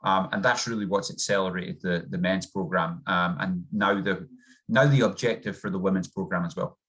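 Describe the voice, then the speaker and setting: A man's voice: sits low, steady tone, moderate pace, fairly bright tone. A man with a subtle Scottish accent, a rugby coach talking earnestly and upbeat as a guest over a video call. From Scotland. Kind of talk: interview guest.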